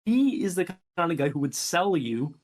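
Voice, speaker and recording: A young man with a slightly high voice bantering loosely with a friend. His talk is animated and jokey, and he often leaps into a higher pitch to clown around. It is relaxed, unscripted chat. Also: normal speed. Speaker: co-host ranking game characters. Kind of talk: casual banter.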